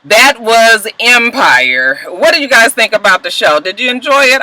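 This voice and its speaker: A woman casually recapping TV episodes, telling them in an animated, profane way and acting out bits of the dialogue. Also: a little high, moderate pace, rough recording. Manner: animated, profane storytelling with acted-out quotes. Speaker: TV recap vlogger.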